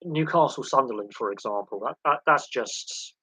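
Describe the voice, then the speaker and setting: A man's voice: mid-range voice, moderate pace, sharp tone, breathy edge, no room sound, poor audio. A man hosting a casual sports livestream, rambling and opinionated as he jumps from one example to the next. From England.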